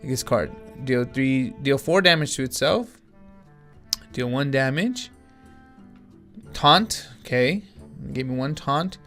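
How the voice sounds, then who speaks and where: A man's voice: medium pitch, expressive, slow, pauses often, a bit bright, faint music behind. Rambling man narrating his card game. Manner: rambling, thinking aloud with many restarts. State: yawning, tired. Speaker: gaming channel host. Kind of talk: casual gameplay commentary.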